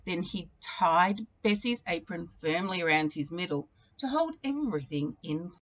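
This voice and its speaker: A woman reads a picture book to her class in a lively storytelling voice, her pitch sitting fairly low yet ranging widely. She leans into each repeated refrain with rising and falling energy. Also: measured pace. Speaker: teacher. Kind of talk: reading a picture book aloud.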